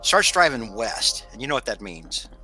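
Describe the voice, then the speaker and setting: Bright-voiced man running a tabletop game. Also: mid-range voice, faint music behind, rough recording. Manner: relaxed, halting narration with restarts. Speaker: game master.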